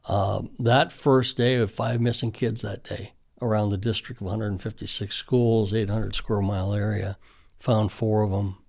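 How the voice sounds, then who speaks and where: A man's voice: fairly low pitch, level tone, moderate pace, vocal fry, a little mellow. A middle-aged man, a school safety official, earnestly reminiscing in conversational storytelling with frequent fillers.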